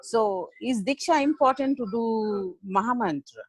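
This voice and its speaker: A woman's voice: a little high, a little slow, breathy edge, no room sound, poor audio. A woman taking part in a video call Q&A, speaking hesitantly in simple phrases as she shares her experience and asks questions. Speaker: participant.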